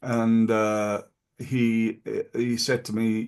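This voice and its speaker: Middle-aged man, podcast host, gravelly, rambling delivery with fillers, mid pitch. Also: level tone, unhurried, a little mellow. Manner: rambling, many fillers and restarts. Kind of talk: casual advice talk.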